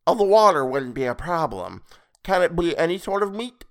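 A man voicing a creepy, toadlike older man with a high nasal voice and a prying, eager manner. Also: very animated, normal speed. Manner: eager, prying, oddly polite.

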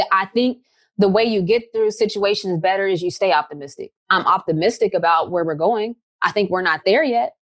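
A woman's voice: mid-range voice, no echo. Upbeat chatty woman in her thirties. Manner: chatty, upbeat, animated storytelling. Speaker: pro basketball player guest. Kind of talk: casual interview answers.

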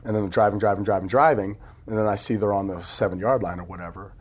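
A man telling stories in a casual podcast chat, animated and laughing often, acting out what people said. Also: fairly low pitch, quick pace, husky. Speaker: team PR executive telling stories. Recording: phone interview audio.

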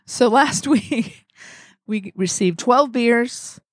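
A woman's voice: fairly high pitch, very slow, no room sound, clean studio sound. A woman co-hosting a casual podcast, reading listener letters aloud and laughing as she goes. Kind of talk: casual chat.

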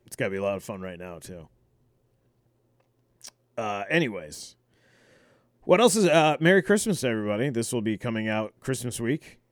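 A man's voice: fairly low pitch, big pitch swings, normal speed, pauses often, no echo. A man hosting a podcast, chatting casually in a loose, laughing way. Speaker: podcast host. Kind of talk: casual chat.

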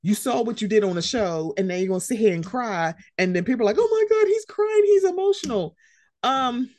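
A woman co-hosting a casual chat about reality TV, slangy and animated, acting out quotes as she talks. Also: a little high. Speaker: podcast co-host.

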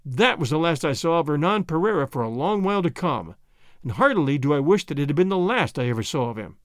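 A man reading a novel aloud as scripted narration, expressive and lightly voicing each character. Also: on the high side, fast, no echo, clean studio sound. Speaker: audiobook reader.

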